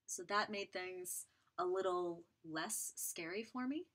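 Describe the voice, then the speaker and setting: Bright-voiced young woman sharing a personal story. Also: on the low side. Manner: candid, halting, many fillers, reads viewer comments aloud. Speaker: beauty vlogger and live streamer. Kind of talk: personal story told on a live stream.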